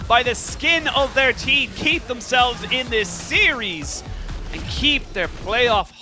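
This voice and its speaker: A man casting an esports match in fast play-by-play commentary, getting excitable and shouting at the big plays. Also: extremely high pitch. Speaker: esports caster. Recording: commentary over loud game music.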